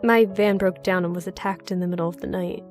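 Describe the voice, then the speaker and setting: A woman's voice: on the low side, fairly even intonation, brisk, a little mellow, soft background music, close to an everyday voice. A woman voicing a frightened, exhausted male traveler who sounds anxious, pleading and defensive.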